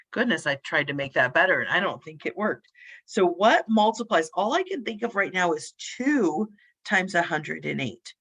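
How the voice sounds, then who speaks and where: A woman instructor walks through math problems in a relaxed, sleepy way, thinking aloud as she writes. Her voice sits a little low for a woman. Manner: casual, thinking aloud while working problems. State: sleepy, yawning. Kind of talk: recorded math lecture.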